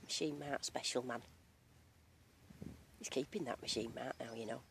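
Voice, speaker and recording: A woman's voice: a bass voice, moderate pace, creaky, noisy background. A woman with a strong regional English accent, chatting casually and jokily with lots of slang while metal detecting outdoors. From England. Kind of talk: casual outdoor vlog narration. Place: outdoors in a field.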